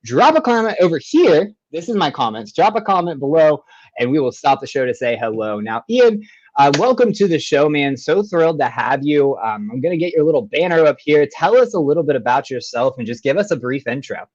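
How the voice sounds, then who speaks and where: An upbeat man hosts a live online show and greets his viewers warmly. His voice sits fairly high, and he sounds effusive and eager. The audio is dry and a little muffled, like a video call. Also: big pitch swings, brisk, no room sound. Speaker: show host.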